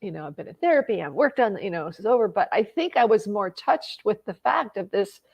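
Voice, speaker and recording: The vlogger, a middle-aged woman, has a medium-pitched voice with lively intonation, a slightly fast pace, a creaky quality and a breathy edge, captured in lo-fi sound. Recounting a personal story conversationally, she becomes emotional and tearful at times and restarts frequently.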